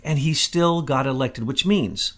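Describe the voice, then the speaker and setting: A man's voice: mid-range voice, a little slow, a bit bright. A man co-hosting a political talk show, talking confidently in sweeping, conspiratorial claims. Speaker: co-host.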